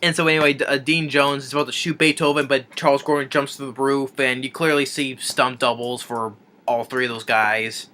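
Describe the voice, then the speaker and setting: A man's voice: medium pitch, steady tone, fairly quick, pushed and bright. A man reviewing a film, retelling the plot in a rambling, casual way with many restarts and chuckles.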